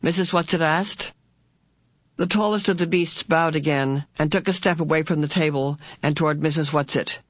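Woman reading a novel aloud, steady and even, dry close mic, no room sound. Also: low voice, moderate pace, no room sound. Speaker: audiobook narrator. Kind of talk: scripted narration.

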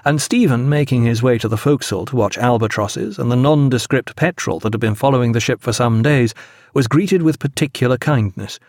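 A man narrating a sea novel as an audiobook, expressive and measured. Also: medium pitch, no room sound, studio quality.

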